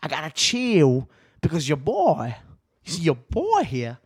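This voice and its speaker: A man in his twenties talking alone on his podcast, rambling and swearing, restarting sentences, swinging between quiet musing and riled-up ranting. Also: a little high, huge pitch swings, a little slow, slightly rough, no echo, studio quality. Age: 20s. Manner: profane, rambling, restarts often. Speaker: solo podcaster.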